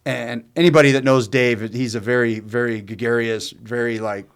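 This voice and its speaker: A man's voice: mid-range voice, steady tone, normal speed, clear, resonant tone. A man telling a long personal story in casual chat, rambling and profane, with many fillers and restarts. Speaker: co-host telling his own story.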